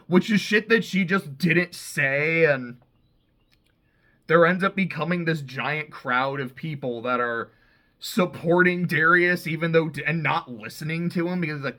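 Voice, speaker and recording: A man's voice: on the high side, normal speed, sharp tone. A man casually recapping TV episodes, talking loosely, swearing freely and leaning on "like" a lot. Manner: loose and profane, heavy use of "like". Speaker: TV show reviewer.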